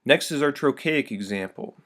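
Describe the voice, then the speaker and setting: A man teaching a recorded video lesson in a friendly, upbeat way, reading verse slowly with heavy stress. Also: mid-range voice, expressive, a bit bright.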